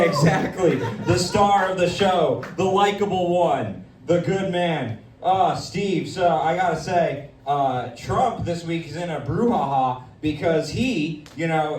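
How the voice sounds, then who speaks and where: A man's voice: fairly high pitch, a little mellow. Brash crude man hosting a live comedy show. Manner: brash, crude, mock-pompous. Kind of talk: live stand-up banter. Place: comedy night in a dispensary. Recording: echoey room, distant mic.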